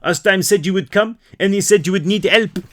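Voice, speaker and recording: Brief: man reading as a cocky young Frenchman, light French accent, smooth and high. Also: fairly quick, fairly bright tone. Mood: smug. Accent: subtle put-on French. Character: handsome young French arms dealer man, smug.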